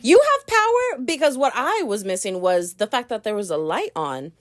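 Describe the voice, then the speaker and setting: A young woman hosting a podcast, telling stories in a lively, casual way, laughing and swearing as she goes. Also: medium pitch, moderate pace. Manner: animated storytelling, swearing, laughing often. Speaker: podcast host.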